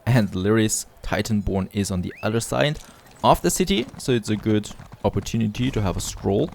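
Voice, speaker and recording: A man's voice: fairly low pitch, animated, moderate pace, vocal fry, a little mellow, a little hiss or hum. A man giving casual, upbeat commentary as he plays a video game, often admiring the scenery aloud. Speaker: let's play host.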